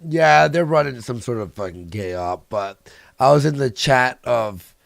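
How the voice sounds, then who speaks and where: Man, livestream host, gravelly voice, crude joking chatter, dry sound. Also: medium pitch, expressive, measured pace, no echo. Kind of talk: casual livestream banter.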